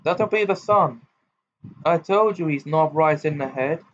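A man reading aloud voices a haughty rich young gentleman, dismissive and condescending, a little higher than the reader's usual pitch. The recording is dull and lo-fi. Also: measured pace, a little hiss or hum.

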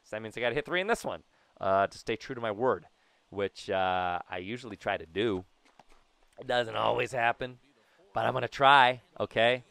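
A young man from Southern California giving casual, jokey commentary over a baseball video game, breaking into yelps and shouts. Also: mid-range voice, normal speed, vocal fry, dry recording. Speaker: gaming YouTuber.

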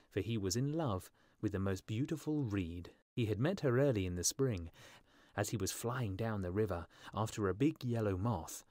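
A man narrating a storybook for English learners with a clear, measured reading. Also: lowish voice, darkish tone, no echo, studio quality. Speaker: audiobook narrator.

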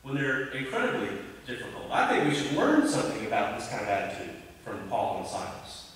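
Animated preacher man in an echoey church. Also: fairly quick. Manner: conversational, animated preaching with sudden rises in pitch. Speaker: pastor. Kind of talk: sermon. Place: church sanctuary. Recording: echoey church hall, voice from a distance.

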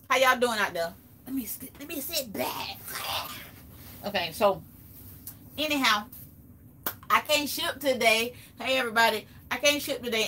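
A woman with a Southern US accent talks on a casual live stream, her voice bright and forward. She drawls and chats straight to her viewers, calling out their names one by one. She sits a little back from her phone at home, with a faint hum in the background. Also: on the high side. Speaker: live-stream host and small seller. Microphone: phone or camera set back from her.

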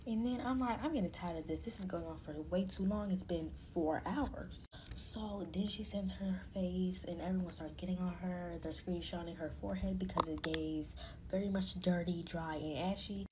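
A woman tells a storytime at night in a hushed voice that sits a little low. She races through the drama, snapping into the other people's lines. Clear background noise sits under her voice. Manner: animated gossip, drops to whispers for quoted lines. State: talking low late at night. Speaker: storytime creator. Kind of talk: casual storytime.

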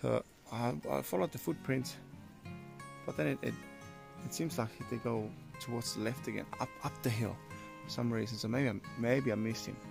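Out in wet bush, a hunting vlogger talks casually to the camera at a moderate pace in a creaky, mid-range voice, addressing viewers as "guys" and swearing now and then. Music plays in the background.

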